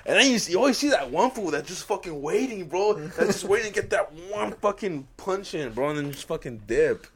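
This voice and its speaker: Brisk and expressive, with a voice that sits high, this young podcast co-host rambles profanely, laughs a lot, and acts out quotes as he goes.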